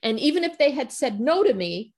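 A middle-aged woman appears as a podcast guest, telling a story in lively, casual speech. Her voice is high and a little fast, and she acts out quoted conversations while laughing often.

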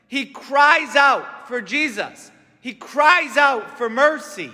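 In a church with long reverb, a preacher delivers a conversational homily, often checking in with the congregation by asking "right?" His voice is extremely high-pitched, animated, bright and forceful, and he takes it slowly.

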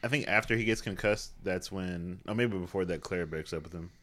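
Casual co-host: laid-back man with a very deep voice who talks fast. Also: sharp tone. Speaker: podcast co-host. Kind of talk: casual chat.

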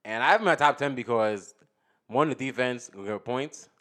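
A man co-hosting a sports podcast, talking in a relaxed, casual way. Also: medium pitch, normal speed. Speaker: podcast co-host.

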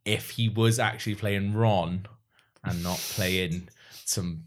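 A man hosts a comedy podcast, rambling through his stories with plenty of ums and laughter. His voice sits on the low side. The chat is loose and casual. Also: steady tone, slow, slight background noise. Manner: rambling, hesitant, laughs often.

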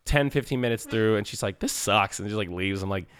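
A man co-hosting a podcast in casual chat, animated and swearing, acting out quotes with a jump up in voice. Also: lowish voice, a little fast, clean tone, no room sound. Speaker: podcast co-host.

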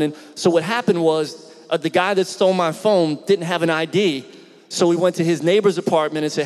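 A middle-aged man from Philadelphia, a pastor telling a story in his sermon, talking in a conversational, animated way and asking the congregation questions. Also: a little high, fairly quick, long reverb tail.

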